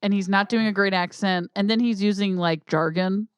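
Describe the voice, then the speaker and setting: A woman co-hosting a podcast in casual movie chat, playful and quick with short replies. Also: mid-range voice, steady tone, clean tone, dry recording. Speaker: podcast co-host.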